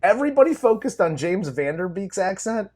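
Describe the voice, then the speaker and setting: A man's voice: high-pitched, very animated, brisk, a little mellow, slightly rough. A man co-hosting a casual movie review chat, enthusiastic, laughing often and swearing freely. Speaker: podcast co-host.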